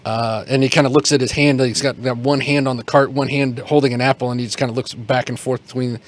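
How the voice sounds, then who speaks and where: A man narrating as game master of a tabletop game at a middling pitch. He talks in a rambling, halting way and circles back with plenty of fillers and restarts. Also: little pitch movement.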